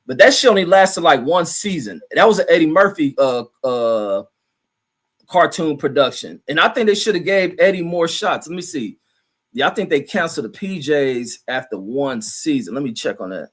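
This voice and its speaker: A man's voice: a little high, big pitch swings, normal speed, slightly rough. A middle-aged man chatting casually on a livestream from home. He rambles in a loose, profane way, reading viewer comments aloud and riffing on them. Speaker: livestream host reading chat.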